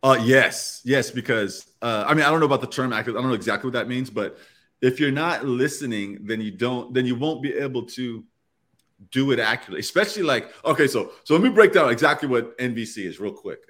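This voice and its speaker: A man of middle pitch sits in on a round-table podcast as a guest. He explains things step by step in a loose, conversational way. He keeps slipping into brief acted-out exchanges to make his points. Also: expressive, quick pace, a bit bright. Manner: explains step by step, often acting out quoted dialogue.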